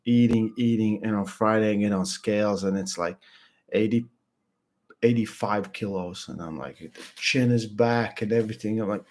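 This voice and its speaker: A young man chatting casually about arm wrestling, blunt and halting, full of restarts and fillers. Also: lowish voice, steady tone, a little mellow. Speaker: arm wrestling podcast regular. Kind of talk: casual chat.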